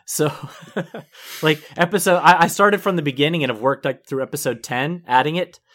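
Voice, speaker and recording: A man co-hosting a relaxed podcast conversation. He chats easily, laughs often, and drifts off mid-sentence before picking the thought back up. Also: fairly high pitch, moderate pace. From northern United States. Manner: chatty, laughs often, trails off and restarts. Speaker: podcast co-host. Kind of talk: casual chat.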